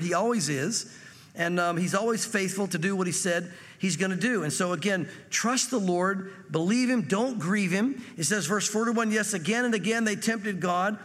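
A man's voice: high-pitched, moderate pace, fairly bright tone, long reverb tail. A man preaching a sermon as pastor, reading scripture and acting out quotes in a conversational way.

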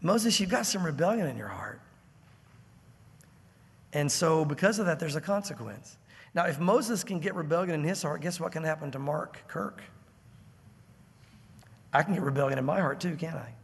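Man, pastor, high voice, verse-by-verse sermon, conversational, plays out characters' lines, long church reverb. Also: a bit bright, breathy edge. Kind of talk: expository sermon.

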